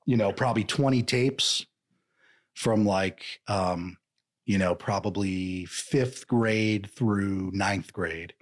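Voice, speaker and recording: A man's voice: lowish voice, slow pace. A man co-hosting a podcast, chatting casually and animatedly, sometimes slipping into joking voices. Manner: animated, slips into mock voices. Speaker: podcast co-host. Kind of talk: casual chat.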